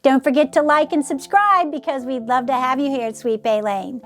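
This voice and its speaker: A woman's voice: high-pitched, a bit bright, faint music behind. A woman hosting a casual crafting tutorial, walking through each step in a chatty way and gushing over the results. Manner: gushing, gasps and squeals over her crafts; unhurried, chatty step-by-step explaining. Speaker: DIY craft channel host.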